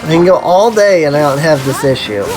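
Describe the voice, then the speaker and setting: A game streamer with a mid-range voice gives fairly quick, casual live-stream commentary over game music. The talk rambles with lots of "like," and an irritated throat keeps making them cough. The recording is rough.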